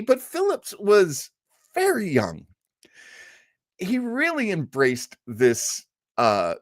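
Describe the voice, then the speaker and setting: A male host from New England tells old radio history in a casual, rambling way, breaking off with little laughs and fillers. His pitch swings around a lot. The sound is close and dry, with no room around it. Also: dry recording. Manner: chatty and digressive, with frequent fillers and laughs. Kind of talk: casual storytelling commentary.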